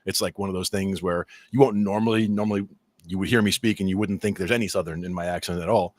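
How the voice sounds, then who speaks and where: A man from New Jersey with a New Jersey accent, co-hosting a podcast in casual chat and telling lively stories. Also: deep voice, fast talker, dry recording, clean studio sound. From New Jersey, USA. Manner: animated storyteller, acts out quoted voices. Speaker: podcast co-host.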